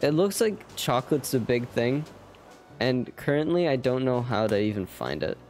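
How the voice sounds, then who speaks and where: A man's voice: mid-range voice, big pitch swings, normal speed, a little mellow. Young man, casual game streamer, rambling, self-deprecating, faint game music behind. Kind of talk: casual live game commentary.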